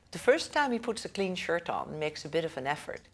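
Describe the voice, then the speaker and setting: A woman with a somewhat low voice gives a relaxed talk on raising children, in the manner of a school director. She keeps it chatty, pausing to check in with her listeners, and slips into the voices of the people in her anecdotes. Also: husky. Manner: conversational, checks in with the audience and laughs often; acts out the people in her stories. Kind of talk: lecture to parents.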